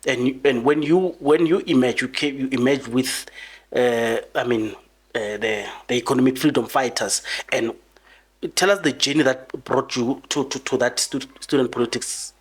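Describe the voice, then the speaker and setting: A man hosting an interview, asking his questions haltingly as he searches for words. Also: mid-range voice, slightly rough. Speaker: host interviewer.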